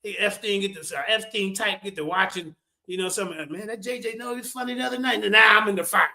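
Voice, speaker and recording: A man's voice: high-pitched, fast talker, creaky, pushed and bright. A man giving loose, joking reaction commentary, cursing freely and talking straight to his viewers.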